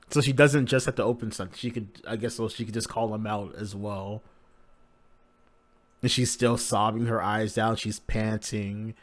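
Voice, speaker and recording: Guy reading a manga out loud live and reacting, lowish voice, lots of uh and like, kinda crude. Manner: casual, crude, with many fillers.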